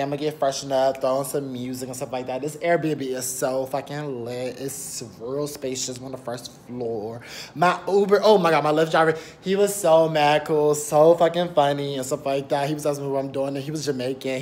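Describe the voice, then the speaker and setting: A young man whose voice sits on the high side records a casual vlog on his phone camera in a rented apartment. He rambles chattily, using many fillers like "period," and the audio has a little hiss or hum.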